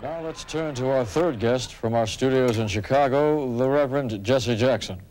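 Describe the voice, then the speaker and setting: A man playing a TV news anchor who moderates a debate, in a measured anchorman delivery. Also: mid-range voice, darkish tone, a little hiss or hum, lightly acted, rough recording.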